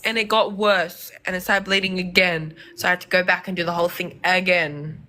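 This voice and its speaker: A young woman from Lebanon telling animated stories in casual chat, acting out the people she quotes. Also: fairly low pitch, brisk. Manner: animated, acts out voices in quoted dialogue. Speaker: podcast guest. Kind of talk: casual storytelling.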